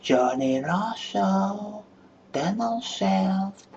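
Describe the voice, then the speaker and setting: A man's voice: sits high, expressive, creaky, darkish tone, slight background noise, pitched above the performer's own voice, heavily acted. Man putting on a Scottish woman calling out a window. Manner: drawn-out, sing-song calling. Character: woman shouting a lewd dinner call out a window. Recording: dull distant webcam audio.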